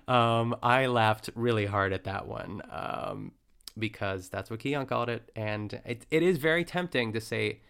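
A man's voice: fairly low pitch, unhurried, gravelly, fairly bright tone, smooth. A man hosting a podcast, recapping a cooking show in a chatty, playful way and laughing often. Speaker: podcast host. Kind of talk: casual recap chat.

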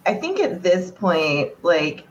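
A woman's voice: on the low side, very animated, slow pace. A woman playing a tabletop game, chatting casually and describing her character's actions. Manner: chatty, hedging with "like". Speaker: player. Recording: dull lo-fi sound with faint noise.

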